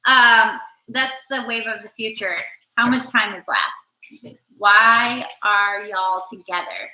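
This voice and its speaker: A high, bright-voiced woman chats playfully through a cooking livestream, tossing out jokes and teasing her partner. She sounds like she is on a phone in an echoey home kitchen, with faint noise underneath. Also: fairly even intonation, slow. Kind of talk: casual chat while cooking.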